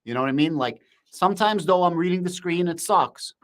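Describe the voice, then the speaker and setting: A man hosting a live stream, shouting with excitement in casual slang and answering viewers' comments. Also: high-pitched, brisk. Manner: shouting, hyped, slangy, reads chat aloud.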